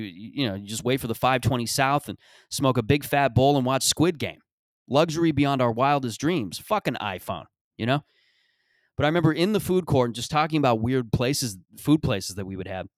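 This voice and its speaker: A man's voice: mid-range voice, dry recording, clean studio sound. Profane, sarcastic man rambling dryly. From Mississauga, Canada. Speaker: podcast host. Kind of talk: rambling comic monologue.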